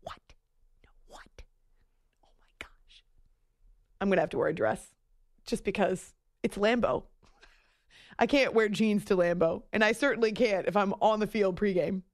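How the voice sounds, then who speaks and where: A woman's voice: mid-range voice, moderate pace. A woman hosting a late-night sports radio show from a studio, chatty and self-mocking, with giggly asides. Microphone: studio microphone.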